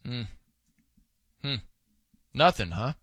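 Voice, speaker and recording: A man's voice: mid-range voice, very animated, takes it slowly, fairly bright tone, no room sound. A man hosting a sports radio show in casual, rambling, self-amused banter at a studio microphone.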